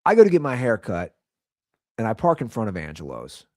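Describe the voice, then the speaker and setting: On his show, an animated, incredulous man delivers a casual comedic rant, repeating lines for comic emphasis. The podcast host speaks briskly and swings between loud and quiet as he tells the story, recorded in studio quality with no echo.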